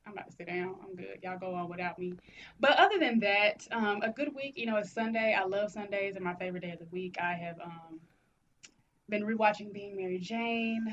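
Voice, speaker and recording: A woman co-hosting a podcast in casual chat, talking in an animated, teasing, slangy way. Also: mid-range voice, dull audio, a little hiss or hum. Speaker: podcast co-host.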